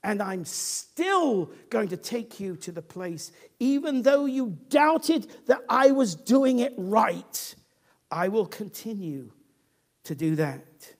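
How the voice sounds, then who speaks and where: A man's voice: high-pitched, big pitch swings, slow, heavily acted. A man voicing God as a reassuring, emphatic father figure in a sermon.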